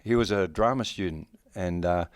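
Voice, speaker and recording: A man's voice: low-pitched, normal speed, no echo, clean studio sound. A man in his sixties with an Australian accent, a guest actor talking bluntly and joking, with plenty of swearing, in a casual interview. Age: 60s. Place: horror convention.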